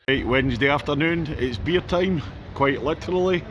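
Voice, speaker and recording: A man's voice: fairly high pitch, normal speed, a little hiss or hum. A Scottish man chatting casually as a travel vlogger, touring and commenting as he goes. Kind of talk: casual travel vlog narration. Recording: music playing loudly behind.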